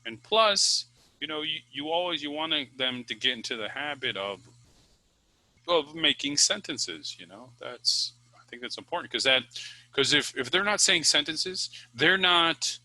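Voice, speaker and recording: Chatty male English teacher, bright voice. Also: fairly high pitch, a little slow, no room sound, low-quality recording. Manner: chatty, many fillers and restarts, lively ups and downs. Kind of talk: casual talking-to-camera advice.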